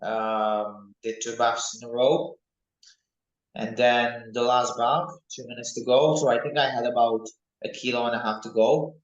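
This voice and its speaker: Young guy fighter rambling on excitedly, room sounds kinda echoey. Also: medium pitch, measured pace, lo-fi sound. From United Kingdom. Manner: rambling, excitable, animated when recalling fights. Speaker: MMA fighter, interview guest. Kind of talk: casual interview talk.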